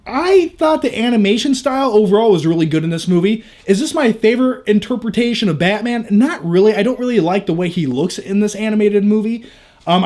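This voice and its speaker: High-voiced joking young man. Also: darkish tone. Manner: candid, jokey, crude asides. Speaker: movie review vlogger. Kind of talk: casual review chat.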